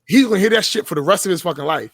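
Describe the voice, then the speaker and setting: A man tells his stories with blunt, profane emphasis. His voice sits a little high for a man. The sound is dry and close, with no room around it. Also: animated, very fast, creaky, no room sound. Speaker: podcast guest. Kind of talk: casual podcast chat.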